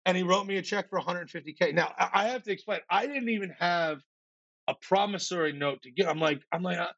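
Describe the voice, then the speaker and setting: A man guest on a podcast, telling an animated story in casual speech, acting out other people's lines and tripping over repeated words when excited. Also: high voice, fairly quick, creaky, no echo. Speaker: podcast guest, startup founder. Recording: slightly muffled, dry.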